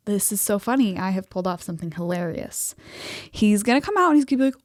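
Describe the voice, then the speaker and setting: Animated young woman telling a prank story. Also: mid-range voice, quick pace, dry recording, clean studio sound. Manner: animated storyteller, acts out quoted voices with giggles. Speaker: podcast co-host. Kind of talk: casual storytelling chat.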